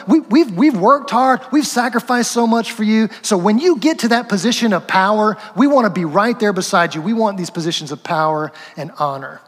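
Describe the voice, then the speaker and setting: Preaching in a high voice, a man gives a sermon that feels like conversation, and the room leaves a long reverb tail behind him. Rhetorical asides, little chuckles, and acted-out quotes run through his delivery.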